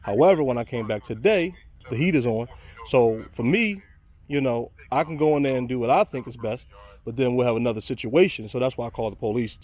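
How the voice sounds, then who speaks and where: Standing outside a vacant house, a property manager narrates his vlog in a medium-pitched, slightly mellow voice at a fairly quick pace. He grows steadily more exasperated as he goes.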